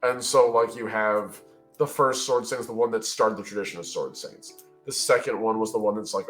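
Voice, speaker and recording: A man's voice: lowish voice, fairly even intonation, normal speed, fairly bright tone. A man chatting casually on a live stream, brainstorming ideas in a loose, rambling way full of fillers. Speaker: worldbuilding stream host. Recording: faint music underneath.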